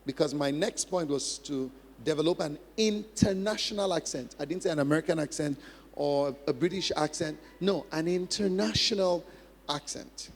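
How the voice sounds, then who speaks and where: A man's voice: a little high, moderate pace. A man preaching a sermon as pastor, emphatic, repeating key phrases and acting out practice drills. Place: large church hall. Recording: long hall reverb.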